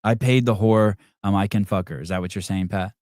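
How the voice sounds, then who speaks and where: A man's voice: lowish voice, fairly even intonation, brisk, a little mellow, no echo, clean studio sound. A man hosting a livestream podcast, swearing heavily and mocking a caller in a combative rant. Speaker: podcast host. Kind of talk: heated livestream chat.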